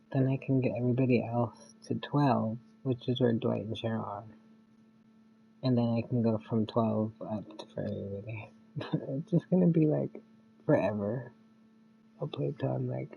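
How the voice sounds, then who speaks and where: A man's voice: mid-range voice, gravelly, phone-quality sound, slight background noise. A man chatting casually as he streams a video game, rambling and laughing often. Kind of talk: casual gameplay commentary.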